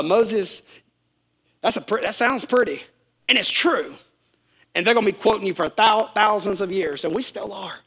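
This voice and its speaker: High, bright-voiced preaching man. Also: husky. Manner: emphatic, repeats key phrases, calls on the congregation to respond. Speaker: pastor. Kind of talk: sermon.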